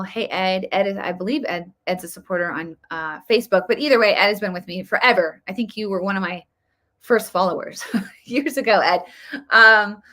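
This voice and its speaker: A woman's voice: mid-range voice, sharp tone. Woman on her livestream, earnest and preachy, repeats stuff a lot, lots of ums. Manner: earnest, repeats phrases for emphasis, many fillers. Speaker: host of a faith and politics livestream. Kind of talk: casual livestream talk with preaching.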